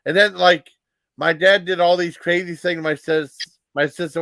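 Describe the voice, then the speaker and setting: A man in his fifties telling rambling personal stories as a vlog host, halting with many fillers and restarts. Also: high-pitched, fairly even intonation, vocal fry, fairly bright tone, no room sound.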